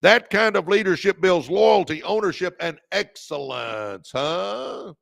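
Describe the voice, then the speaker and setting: Hosting a motivational livestream, a fired-up middle-aged podcast host repeats key lines, thanks viewers by name and calls them "baby." His high-pitched voice is expressive, creaky and fairly bright at a measured pace, recorded cleanly in a studio with no echo.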